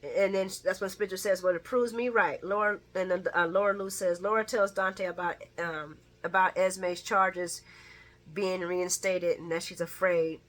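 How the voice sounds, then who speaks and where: A woman with a bright, forward voice talks through a daytime soap recap in a loose, chatty way. She is sassy and laughs easily, and she throws slangy asides back at the characters. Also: fairly low pitch, steady tone, normal speed. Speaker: soap opera recap vlogger. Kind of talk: casual spoken recap.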